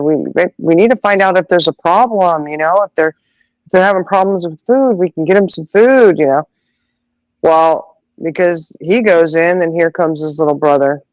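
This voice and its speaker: A woman's voice: lowish voice, dry recording, poor audio. A middle-aged woman telling stories in casual chat, laughing often and acting out voices in the quotes. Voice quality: animated, acts out voices in quotes. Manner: laughs often, drawn-out exclamations. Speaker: podcast host.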